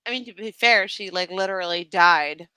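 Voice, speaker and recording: A woman's voice: medium pitch, normal speed, pushed and bright, smooth, no room sound. A woman co-host chatting playfully and laughing often during a watch-along. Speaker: podcast co-host. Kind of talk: casual watch-along chat.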